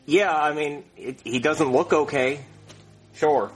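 A man's voice: fairly high pitch, slow pace, soft background music. A man playing a lazy, sarcastic doctor with a dry, dismissive manner.

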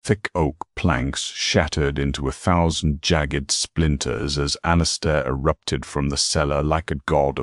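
A man giving dramatic scripted narration of a fantasy story in a measured way. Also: a bass voice, dry recording, studio quality.

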